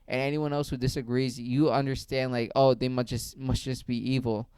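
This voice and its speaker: Heated profane rant, male voice, smooth clean tone, dry close sound. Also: mid-range voice, little pitch movement, moderate pace, a little mellow, no room sound. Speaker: video creator.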